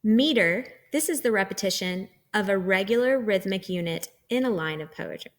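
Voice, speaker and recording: A woman's voice: mid-range voice, animated, moderate pace. A woman teacher giving a recorded lecture, explaining terms patiently step by step.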